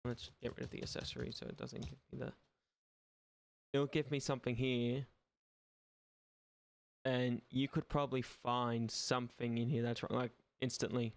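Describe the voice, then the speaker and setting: Chatting on his gaming stream, a young man from Ireland rambles, swears liberally and makes dry, sarcastic remarks. His medium-pitched voice is gravelly, smooth and a little mellow.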